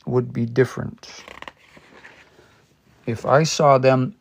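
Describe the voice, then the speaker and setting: A man's voice: mid-range voice, fairly even intonation, takes it slowly, gravelly, pauses often. A man leading a casual livestream language lesson. He thinks aloud and spells words out letter by letter while patiently working through examples. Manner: explains patiently with worked examples. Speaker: language learner teaching a livestream study session.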